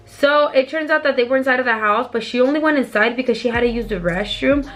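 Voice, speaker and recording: A woman's voice: a little high, quick pace, hardly any pauses, fairly bright tone. A young woman vlogger telling a storytime tale in a chatty, swear-heavy way, acting out what people said. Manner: chatty, profane, acts out quoted voices. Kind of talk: casual storytime.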